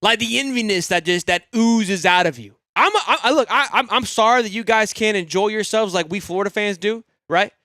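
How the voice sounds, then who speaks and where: Excitable high-voiced male sports streamer. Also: a little fast, few pauses, no echo, clean studio sound. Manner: excitable, rambling, swears freely, swings from loud hype to low grumbling. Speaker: sports podcast host. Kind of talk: live-stream fan sports talk.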